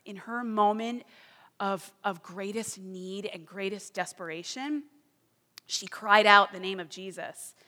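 A woman's voice: mid-range voice, fairly bright tone, big-room sound. A woman giving a sermon, telling and reading a story aloud in an earnest way that builds to fervent emphasis. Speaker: preacher. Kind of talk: sermon with a read-aloud testimony.

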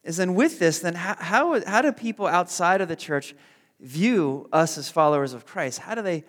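High-voiced pastor, joking and rambling. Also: male voice, expressive, normal speed, fairly bright tone. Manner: rambling, self-deprecating humor with many fillers. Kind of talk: casual conversational sermon. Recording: long hall reverb.

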